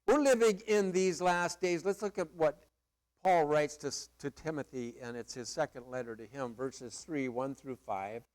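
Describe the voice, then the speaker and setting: A man's voice: fairly high pitch, moderate pace, a little mellow. A middle-aged male pastor preaching a sermon in a conversational, emphatic way with playful asides.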